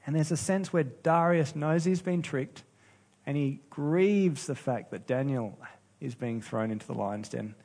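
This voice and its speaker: A man preaching a sermon as pastor, earnest and unhurried, with pauses and restarts. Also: medium pitch, a little mellow.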